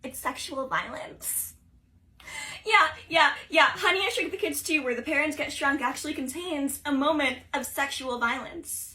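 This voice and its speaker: A young woman retelling movie scenes in casual, animated commentary full of filler words. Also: sits high, poor audio. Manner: animated, fast-talking, lots of filler words. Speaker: social video creator.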